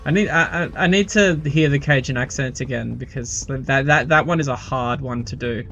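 A man's voice: mid-range voice, normal speed, creaky, bright, forceful tone, lo-fi sound. A male game streamer giving casual, rambling commentary with stammered restarts and swearing.

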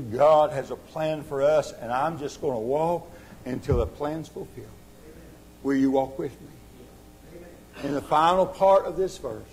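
A man preaching a sermon as pastor, surging to loud exhortation and sinking to quiet appeals. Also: a little hiss or hum, rough recording. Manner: impassioned, rising to loud exhortation then dropping low. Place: church sanctuary.

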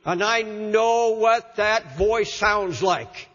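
A man's voice: high voice, very slow, fairly bright tone. An older man preaching an impassioned sermon, often repeating words as he presses his point. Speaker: pastor. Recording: lo-fi sermon recording in a hall.

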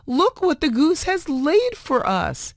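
A woman's voice: medium pitch, wildly swooping pitch, slow, dry recording, clean studio sound. A woman voicing a tender-hearted farmer's wife, speaking in a raised, fluttery voice. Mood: excited.

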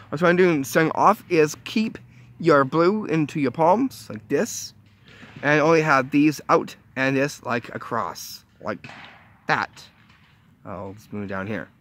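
A man walks viewers through simple magic tricks at an unhurried pace. His voice sits a little high, and he stumbles and restarts often before reaching each upbeat reveal. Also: lively intonation, a bit bright. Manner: chatty, halting, with fillers and restarts, upbeat reveals. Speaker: magic tutorial host. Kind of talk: casual how-to demonstration.

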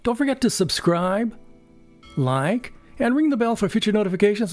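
A man in his seventies from California, rambling through a casual unboxing review at home, pausing often on fillers and chuckling. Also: high voice, animated, dry recording, soft background music. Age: 70s. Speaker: YouTube product reviewer.

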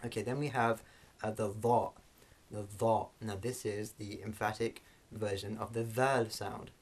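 Low-voiced man explaining pronunciation. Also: steady tone, normal speed. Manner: explanatory, with frequent fillers and restarts. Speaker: language teacher. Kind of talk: spoken language lesson.

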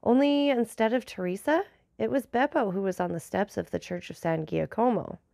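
A woman voicing a grateful, devoted male bandit messenger in a measured storybook reading. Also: mid-range voice, vocal fry, warm tone, dry recording, studio quality, natural voice.

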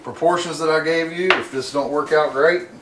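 This cooking show host's voice runs a bit high and steady at a moderate pace, against a noisy background. He rambles in a relaxed, folksy way while demonstrating home cooking, picked up by a distant mic in a roomy kitchen.

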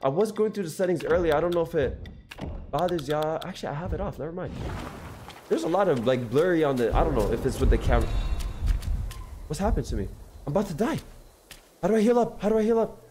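Excitable young male gaming streamer. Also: a little high, quick pace, pauses often, music in the background. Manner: excitable, slangy, keeps addressing chat. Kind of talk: casual live-stream chat.

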